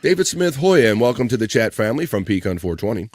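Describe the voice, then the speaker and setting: A man's voice: medium pitch, sing-song, fast talker, dry recording, studio quality. A man hosting a live stream in a casual, playful way. He reads out viewer comments and jokes with the chat. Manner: playful, jokey, shouting out viewers by name. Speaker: live-stream show host.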